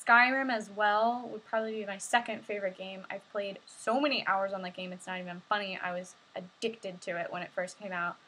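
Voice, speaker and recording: A woman's voice: medium pitch, steady tone, brisk, few pauses, pushed and bright, slight background noise, low-quality recording. Chatty young woman on a live stream. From New Jersey. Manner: chatty, rambling, many fillers and restarts. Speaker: host answering viewer questions. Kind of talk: casual live-stream chat.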